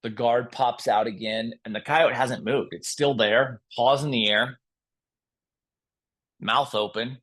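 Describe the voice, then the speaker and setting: Brief: unhurried man leading a gentle yoga class, mid-pitched. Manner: slow, calm and gentle. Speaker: yoga instructor. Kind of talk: guided yoga class with storytelling.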